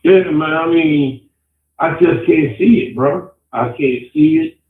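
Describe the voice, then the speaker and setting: A man's voice: fairly high pitch, slow, reverberant, phone-quality sound. Laid-back Chicago male caller. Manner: laid-back, blunt, swears casually. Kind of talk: casual phone-in chat.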